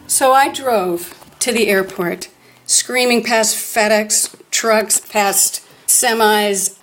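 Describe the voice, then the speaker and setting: Before an audience, a woman earnestly tells a grave personal story in a steady, slow, mid-range voice, sometimes dropping nearly to a whisper. Slight background noise is present.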